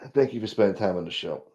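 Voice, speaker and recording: A man's voice: sits low, warm tone. A man hosting a casual livestream, talking in a profane, offhand way. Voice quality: gravelly, profane. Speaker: livestream host. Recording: muffled lo-fi audio.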